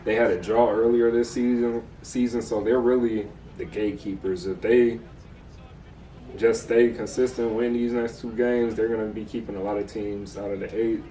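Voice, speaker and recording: An American man co-hosts a casual sports recap podcast, laid-back and slangy, often tossing in "bro." His fairly low voice is dark and flat at normal speed, with a little hiss or hum. The recording is echoey, with the mic far off.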